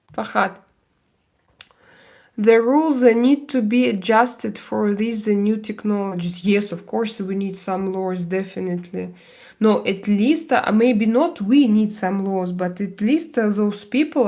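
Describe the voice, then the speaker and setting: Woman chatting on her livestream, slow and rambly, lots of uhs. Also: medium pitch, mellow. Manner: chatty, many fillers and restarts, switches into mock-Spanish bits. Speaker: livestream host. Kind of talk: casual livestream chat with viewers. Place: home, doing makeup on stream.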